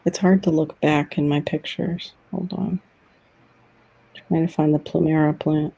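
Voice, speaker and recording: A woman's voice: sits low, steady tone, a little slow, gravelly, mellow, slightly rough. A woman hosting a casual online talk show, chatting and laughing often. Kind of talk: casual chat.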